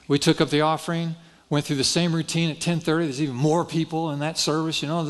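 A man's voice: on the high side, fairly quick. Folksy man telling a sermon story. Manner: folksy, self-deprecating storyteller acting out dialogue. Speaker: pastor.

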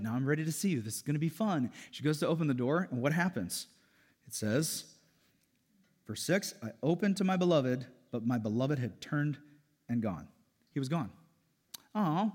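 A man preaching a sermon as pastor, animated and joking, with loud emphatic peaks. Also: a little high. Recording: long hall reverb.

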